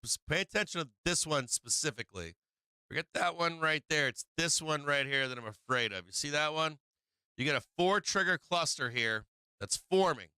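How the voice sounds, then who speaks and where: A man talks viewers through stock charts in a casual livestream, often checking in with "right?" and "okay?". His voice is strikingly bright and crisp, at a middle pitch. The recording is dry and close, with no room sound. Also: expressive, normal speed, dry recording. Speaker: stock market livestream host. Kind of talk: casual live-stream market commentary.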